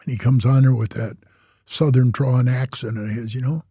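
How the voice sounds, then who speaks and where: Husky older man telling stories. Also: mid-range voice, steady tone, moderate pace, mellow, no echo. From Wisconsin. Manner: rambling, slangy, says "bro" and "man" a lot. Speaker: interview guest, former biker club president. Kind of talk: casual storytelling.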